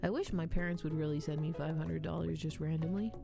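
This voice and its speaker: Over music, a woman with a low, fairly even voice talks fast with vocal fry while streaming a game. She chats casually with viewers and the game itself, mocking herself and laughing often.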